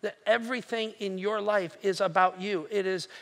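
A male pastor preaching a sermon, retelling a story with animated acted-out voices and direct questions to the congregation. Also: high voice, moderate pace.

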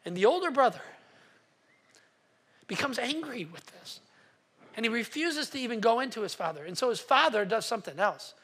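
A pastor preaching a sermon at a church service, telling a story with animated energy, acting out voices and stumbling into quick restarts. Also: medium pitch, breathy edge.

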